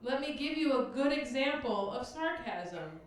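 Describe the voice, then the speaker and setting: A woman doing a stand-up set on a comedy club stage, with a dry, deadpan delivery. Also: high voice, a little slow, hardly any pauses. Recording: distant echoey club recording with hiss.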